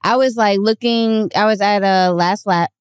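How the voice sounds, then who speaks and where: A woman's voice: mid-range voice, normal speed, clear, resonant tone, no echo, studio quality. A young woman on a comedy podcast, defending her view and telling a story with lots of "like". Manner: defensive, uses "like" a lot. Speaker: podcast guest. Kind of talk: casual chat, telling an anecdote.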